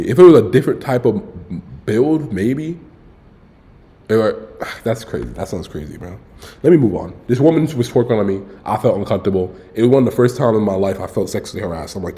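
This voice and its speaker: A man's voice: mid-range voice, animated, a little fast, dark tone. A young man streaming live, telling a story in a loose, candid way and saying "bro" and "like" a lot.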